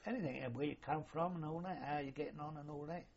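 Husky older man reminiscing. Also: a little high, fast talker. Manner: rambling, colloquial, mild swearing. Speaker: interviewee, former royal yacht sailor. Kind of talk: casual reminiscing. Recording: lo-fi dull recording.

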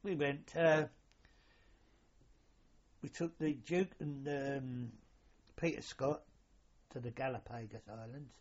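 A man's voice: medium pitch, a little mellow, husky. An older man, reminiscing casually about his years as a sailor, in a rambling, colloquial way with mild swearing. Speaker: interviewee, former royal yacht sailor. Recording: lo-fi dull recording.

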